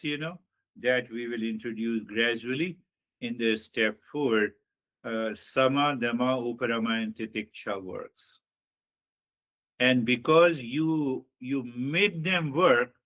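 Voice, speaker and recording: A man giving a slow, reflective spiritual teaching talk, guiding listeners inward with measured repetition. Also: mid-range voice, a bit bright, muffled recording.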